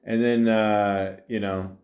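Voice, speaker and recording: A tired man rambles through a comedic podcast story, piling up fillers and restarts. His voice sits a little low, and his asides are deadpan. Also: slow pace. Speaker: podcast host.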